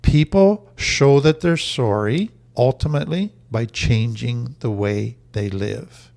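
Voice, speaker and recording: Gravelly-voiced man teaching earnestly. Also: mid-range voice, takes it slowly, a little mellow. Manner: earnest, emphatic, repeats key phrases. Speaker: trauma recovery teacher. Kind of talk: teaching talk to camera.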